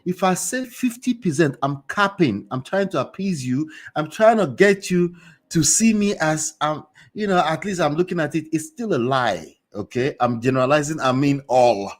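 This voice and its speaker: A man hosting a motivational commentary show, speaking straight to his viewers in a preachy, animated way. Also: fairly high pitch, moderate pace. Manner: preachy, animated, talks to the audience directly. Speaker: host.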